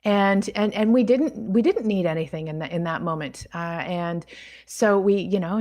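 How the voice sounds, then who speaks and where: A Canadian woman, a podcast guest, telling a story casually and lively, acting out what people said, often restarting her sentences. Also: medium pitch, normal speed. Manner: animated, acts out quoted dialogue, frequent restarts.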